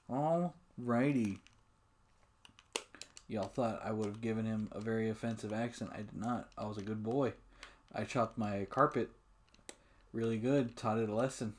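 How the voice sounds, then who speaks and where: A man's voice: on the low side, moderate pace, long pauses. Swearing man narrating his gameplay. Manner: relaxed, rambling, swears often, laughs at himself. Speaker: let's play gamer. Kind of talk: casual gameplay commentary.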